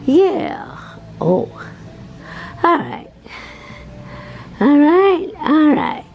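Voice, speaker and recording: A woman's voice: sits high, huge pitch swings, extremely slow, vocal fry, lo-fi sound, soft background music. A woman chatting casually as she walks through a record shop, recording a vlog on a handheld phone, rambling and laughing easily. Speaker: vlogger and DJ. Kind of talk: casual walking-tour vlog. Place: record shop, indoors, walking around.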